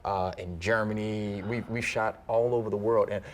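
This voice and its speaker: An actor from New Orleans with a New Orleans accent, chatting in a relaxed interview and telling stories with halting restarts. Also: male voice, lowish voice. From New Orleans, USA. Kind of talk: casual interview chat.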